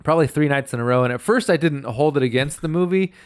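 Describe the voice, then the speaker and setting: A man's voice: on the high side, fast talker, smooth. A man co-hosting a casual podcast chat, laid-back and rambling, with many fillers. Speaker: podcast co-host.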